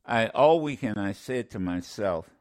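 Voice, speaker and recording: A man's voice: on the low side, animated, measured pace. A man hosting a talk radio show, commenting with passion, often stammering and restarting, repeating lines for emphasis like a preacher.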